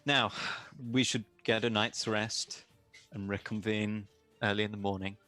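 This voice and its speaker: A man voicing an earnest, reserved noble adventurer in a tabletop role-play, speaking in a quiet, formal, measured way. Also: fairly low pitch, flat delivery, no echo, soft background music. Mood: resolved.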